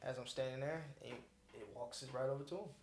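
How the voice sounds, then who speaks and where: A man's voice: medium pitch, quick pace, gravelly. A man casually describing his character's actions as a tabletop player. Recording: roomy echo, light noise.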